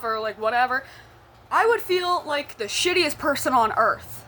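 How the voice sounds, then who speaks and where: A woman's voice: high-pitched, expressive, moderate pace, pushed and bright. A young adult woman telling a personal story in a casual storytime vlog, blunt and profane with laughing asides.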